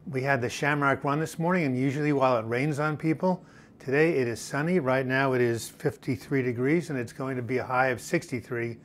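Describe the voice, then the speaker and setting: A man hosts a relaxed live chat from home, reading out viewers' names and comments with plenty of uhs and ums. His voice sits at an ordinary middle pitch. A faint hum of outdoor noise stays in the background. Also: a little fast. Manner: chatty, reads viewer names and comments aloud, frequent uh and um. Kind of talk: casual live-stream chat. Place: home in Portland, Oregon. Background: faint music and outside noise.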